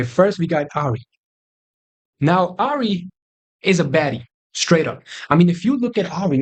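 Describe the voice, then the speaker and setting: A young man hosting a crude comedic tier list, boastful and rambling, with sudden loud outbursts. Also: on the high side, husky. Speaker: host.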